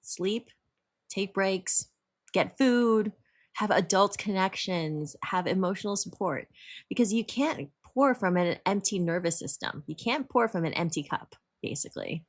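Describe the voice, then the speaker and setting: A woman co-hosting a podcast whose pitch rises and falls freely as she talks. She is encouraging and tells her stories expressively, in a relaxed conversational way. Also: unhurried. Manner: warmly encouraging, expressive storyteller. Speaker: podcast co-host. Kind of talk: casual conversational podcast chat.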